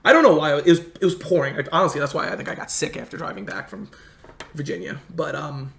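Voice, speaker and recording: A man in casual conversation telling history stories in a halting way, full of restarts. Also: on the high side, creaky, a bit bright. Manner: rambling, halting history storyteller with many restarts. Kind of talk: casual storytelling chat. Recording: echoey room.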